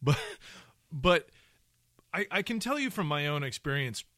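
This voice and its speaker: A man's voice: on the high side, sing-song, unhurried, bright, forceful tone, no echo, clean studio sound. A man co-hosting a podcast, talking casually about voice work, rambling with many restarts and asides. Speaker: podcast co-host, audio professional.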